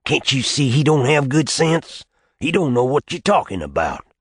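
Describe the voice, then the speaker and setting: A man's voice: medium pitch, very animated, normal speed, slightly rough, no room sound, studio quality, pitched above the performer's own voice. A man voicing a fierce old backwoods prophet in his eighties who hollers with zeal in a rural drawl. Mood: urgent.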